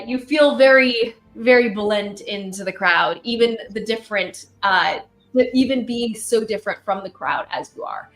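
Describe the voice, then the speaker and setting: A woman narrating as game master in a relaxed way, with many fillers. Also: medium pitch.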